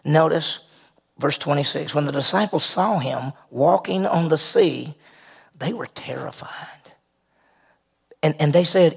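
A man's voice: a little high, measured pace, creaky, pauses often, slightly rough. A man preaching a conversational sermon, posing rhetorical questions and rising in emphasis as he goes.

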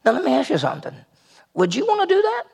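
A man's voice: extremely high pitch, huge pitch swings, fast talker, gravelly, a little mellow. A man preaching a conversational sermon, posing rhetorical questions and rising in emphasis as he goes.

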